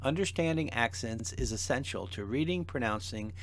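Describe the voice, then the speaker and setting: A man teaching a seminary language lesson in a measured, deliberate, scripted narration. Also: medium pitch, lively intonation, fairly bright tone, slight background noise. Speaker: seminary instructor.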